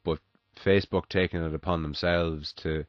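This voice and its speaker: A man with a very deep, low voice talks casually and swears freely in a podcast chat. He explains his points with everyday examples. The sound is dull and dry. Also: steady tone, normal speed, dry recording.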